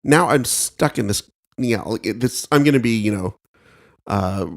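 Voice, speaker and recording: A man in his thirties co-hosting a podcast in casual, animated banter, jumping up in pitch when he quotes himself. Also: normal speed. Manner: animated, mock-conspiratorial, jumps pitch when quoting himself. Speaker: podcast co-host.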